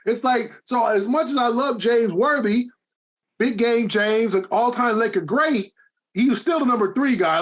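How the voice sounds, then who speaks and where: A man's voice: high voice, a bit bright. A man who is a guest sportswriter on a podcast, talking with heat and repeating phrases for emphasis. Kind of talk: animated podcast debate.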